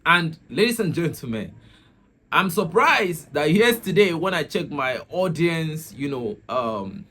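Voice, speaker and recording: A man's voice: a little high, sing-song, a little slow, bright, forceful tone. A man from Nigeria hosting his own channel, giving chatty commentary with frequent laughter and repeated words. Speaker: channel host. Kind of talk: casual commentary to camera.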